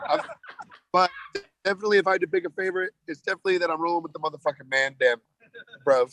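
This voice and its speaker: A laid-back American man who jokes and swears freely while chatting as a podcast guest. His voice sits a little high for a man. The sound is dry and close. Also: racing, fairly bright tone, no room sound, poor audio. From United States. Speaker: touring band member, podcast guest. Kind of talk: casual chat.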